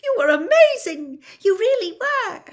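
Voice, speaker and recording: A woman voicing an anxious, clever teenage schoolgirl who speaks squeakily. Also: very animated, a little slow, exaggerated voice. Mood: relieved.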